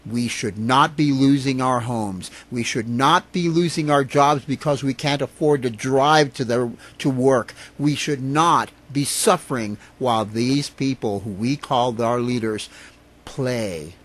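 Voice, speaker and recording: A man's voice: mid-range voice, unhurried, a bit bright. Give me an impassioned man ranting on video at his rural home, profane, repeating himself, with a mid-range voice. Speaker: video blogger. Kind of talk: political rant to camera.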